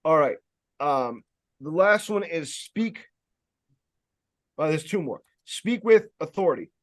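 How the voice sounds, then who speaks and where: A man giving a casual sales training talk, speaking loudly and emphatically, with rambling jokey asides and plenty of fillers. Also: on the high side, lively intonation, slow pace. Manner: loud, emphatic, projecting voice.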